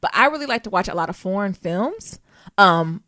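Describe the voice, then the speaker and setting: An American woman co-hosts a casual podcast chat, animated and full of slang, often breaking into laughter and spelling words out letter by letter. Her voice sits at a middling pitch and sounds dry and close. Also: moderate pace, dry recording. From United States. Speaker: podcast co-host.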